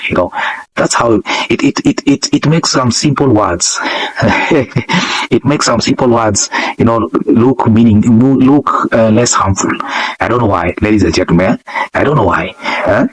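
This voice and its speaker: A man hosting a casual reaction video. He talks in rhetorical bursts, repeats himself, chuckles between points and keeps addressing "ladies and gentlemen". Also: medium pitch, measured pace, a little hiss or hum, poor audio.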